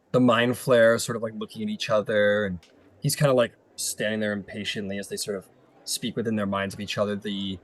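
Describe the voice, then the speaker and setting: A man's voice: lowish voice, no echo. A man narrating as game master of a tabletop game, loose and rambling with many fillers.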